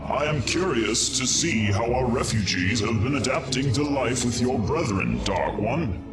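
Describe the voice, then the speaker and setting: A man voicing a composed, formal leader speaking in measured tones. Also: mid-range voice, lively intonation, loud music behind the voice, close to an everyday voice. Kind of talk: game cutscene voice acting. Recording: roomy echo.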